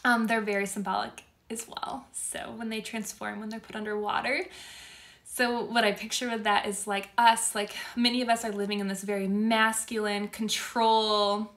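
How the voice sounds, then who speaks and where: A woman's voice: mid-range voice, little pitch movement, normal speed, fairly bright tone. A young woman, a spiritual course creator, talking casually and emotionally to her followers in a live stream, often gushing with gratitude.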